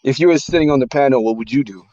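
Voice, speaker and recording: A man's voice: medium pitch, rapid-fire, dark tone, muffled recording. A man on a podcast talking casually and emphatically, repeating phrases for punch. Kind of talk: casual chat.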